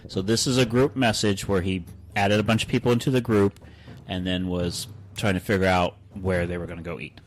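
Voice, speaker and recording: A man's voice: deep voice, fairly even intonation, brisk, slight background noise. A man co-hosting a podcast, casually reading group chat messages aloud in mock voices and laughing often. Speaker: podcast co-host.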